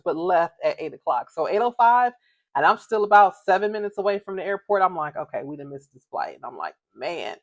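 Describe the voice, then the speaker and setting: A woman's voice: fairly low pitch, dry recording. A middle-aged woman, a mother, casually telling a story with laughter, acting out quoted voices.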